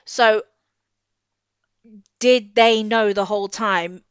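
A woman co-hosting a casual book discussion, chatty and quick to laugh, often trailing off and restarting. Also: medium pitch, fairly even intonation, clear, resonant tone, dry recording. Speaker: podcast co-host. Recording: slightly dull lo-fi audio.

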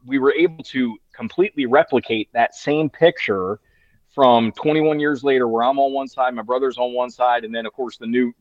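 A man's voice: medium pitch, no echo. A man in his thirties telling a long story in casual chat, full of "you know" fillers and restarts. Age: 30s. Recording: dry, slightly dull sound.

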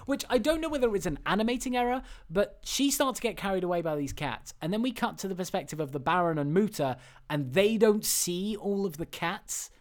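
A man's voice: high voice, expressive, a little fast. A young man co-hosting a casual film chat, rambling with lots of restarts and frequent laughter. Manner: rambling, laughs often, many restarts and fillers. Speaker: podcast co-host.

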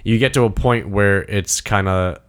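A young man in casual chat, excitably retelling a film scene with swearing and quick asides. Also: on the low side, clean tone. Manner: excited, swearing, acts out movie quotes.

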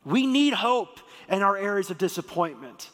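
A man with a high voice delivers a sermon in a lively, joking storytelling manner. His voice rings with the long reverb of a church hall. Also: normal speed. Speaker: pastor.

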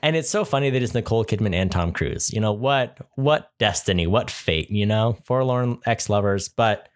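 Young guy co-hosting a podcast, kinda low voice, jokey and laughing a lot. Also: expressive, normal speed. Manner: joking, laughs often. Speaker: podcast co-host. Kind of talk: casual chat.

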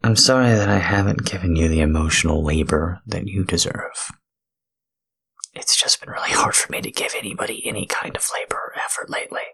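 A man in a whispered role-play, talking in a halting, tender, confessional way with a breathy, gravelly whisper. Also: low-pitched, a bit bright. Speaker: podcast host.

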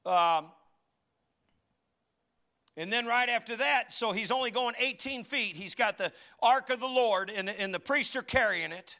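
A middle-aged man preaching a lively sermon as pastor, acting out quotes in character voices and having the congregation repeat after him. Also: very high voice, measured pace.

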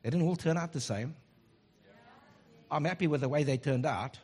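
A middle-aged man delivers a sermon as a pastor, with a high-pitched, husky voice. He preaches in an animated way and drops joking asides. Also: normal speed.

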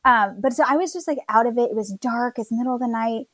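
A woman's voice: a little high, fast talker, no echo. A young woman casually telling her birth story, chatty, quoting others and laughing at herself.

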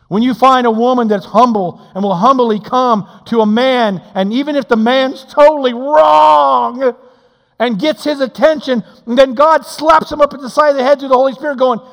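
A male pastor preaches with a fairly high voice that rings through a long hall reverb. He swings from shouting down to hushed, close tones and acts out quotes with playful voices. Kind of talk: sermon.

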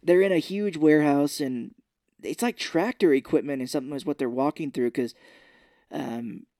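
A man co-hosting a movie podcast who retells scenes in casual chat, swears freely and acts out the characters' lines in high voices. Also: normal speed, mellow, dry recording, clean studio sound. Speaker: podcast co-host.

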